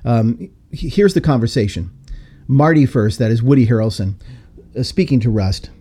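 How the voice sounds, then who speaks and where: A man's voice: medium pitch, expressive, normal speed, dark tone, slightly rough. A man hosting a podcast discussion, talking in an emphatic, lecturing way. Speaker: podcast host.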